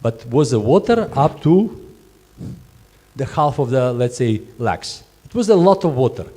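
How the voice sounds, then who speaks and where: Lively, emphatic male hospitality trainer. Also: mid-range voice, measured pace, breathy edge. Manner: non-native English phrasing, frequent restarts; lively, emphatic, repeats words. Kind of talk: instructive talk to job candidates.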